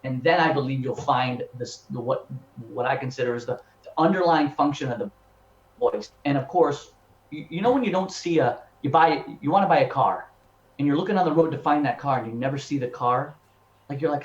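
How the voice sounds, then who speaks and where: A man in his fifties, a professional singer and voice teacher, telling his story in an animated, chatty way and repeating words as he thinks. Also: medium pitch, a little fast. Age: 50s. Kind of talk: casual interview storytelling. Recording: echoey room, dull lo-fi sound.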